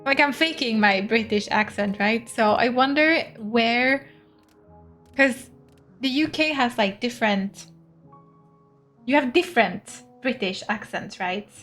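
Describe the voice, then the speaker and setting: A young woman from Sweden speaks English while streaming a game, chatting casually with her viewers. Her voice sits a little high, and she giggles often and chatters on. Soft music plays faintly underneath. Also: unhurried. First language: Swedish. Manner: chatty and giggly, reads game text aloud. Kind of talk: casual gameplay chat.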